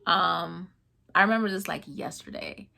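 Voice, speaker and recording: A young woman from New York shares a personal story in a casual vlog. Her voice is bright and forward, and she moves quickly through the events. She acts out each person's lines as she retells the conversations. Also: lowish voice, creaky. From New York, USA. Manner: animated retelling, acting out dialogue. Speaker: mother telling her son's story.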